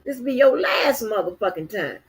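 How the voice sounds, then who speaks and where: A woman's voice: medium pitch, expressive, moderate pace, breathy edge. A woman hosting a livestream, talking bluntly and defiantly with heavy profanity and repeated words. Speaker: channel host. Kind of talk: livestream rant.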